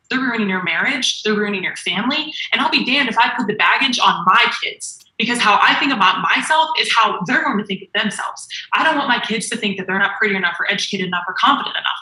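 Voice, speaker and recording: Preachy woman, bright voice, echoey. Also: a little high. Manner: earnest, preachy. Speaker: motivational speaker. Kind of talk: faith-based motivational talk.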